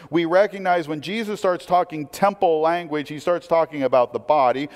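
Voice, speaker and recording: Man preaching in a reverberant hall. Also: fairly high pitch. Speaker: pastor. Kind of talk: sermon.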